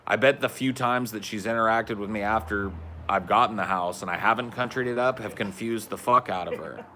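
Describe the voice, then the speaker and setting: A Californian man in his thirties hosts a podcast, chatting loosely in a laid-back stoner drawl full of swearing. His fairly low voice is bright and forceful, he talks a little fast, and there's a slight hiss or hum on the recording.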